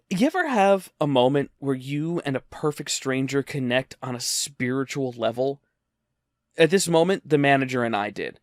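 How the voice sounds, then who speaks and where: A man's voice: mid-range voice, normal speed, no echo, clean studio sound. A man narrating a personal story in a wry, conversational way. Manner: wry, conversational, lively delivery.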